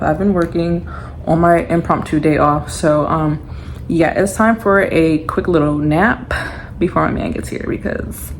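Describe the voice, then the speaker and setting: A woman's voice: fairly low pitch, moderate pace, a little hiss or hum. A young adult woman vlogging at home in a loose, chatty way with lots of fillers. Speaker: lifestyle vlogger. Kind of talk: casual chat to camera.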